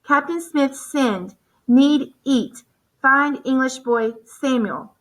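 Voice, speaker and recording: A woman voicing an earnest, hungry English settler boy who speaks in halting, broken phrases, in an audiobook character reading. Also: high voice, voice pushed up, rough recording.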